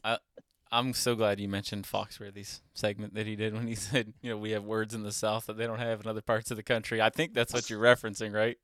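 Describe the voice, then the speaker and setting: A man's voice: on the low side, flat delivery, quick pace, fairly bright tone, no echo, clean studio sound. A man co-hosting a podcast in casual chat, playful and often laughing. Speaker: podcast co-host.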